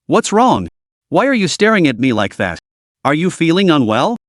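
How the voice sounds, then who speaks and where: A man's voice: fairly high pitch, big pitch swings, normal speed, dry recording. A man voicing a young woman who is tearful and pleading, reading her in a storybook recap. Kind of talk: storybook narration.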